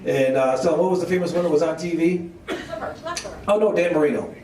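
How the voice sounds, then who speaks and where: Telling meandering stories at his own expense, a stand-up comedian speaks fairly quickly in a high-ish, slightly mellow voice while the crowd laughs. The mic is distant, so he comes across off-mic in an echoey club.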